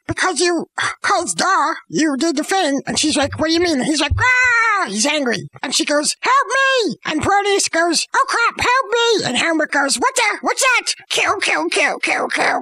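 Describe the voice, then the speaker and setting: A woman's voice: high-pitched, very animated, moderate pace, pushed and bright, no echo, full character voice. A woman voicing an earnest cat who retells a tragedy and insists that none of it is funny. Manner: earnest, insists everything is serious. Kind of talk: comedic storytelling.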